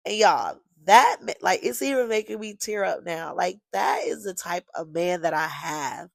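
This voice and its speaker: A young woman hosting her own podcast, telling a personal story in a lively, gushing way and talking straight to her listeners. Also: fairly low pitch, moderate pace, gravelly, no room sound. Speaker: podcast host. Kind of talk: casual storytelling monologue.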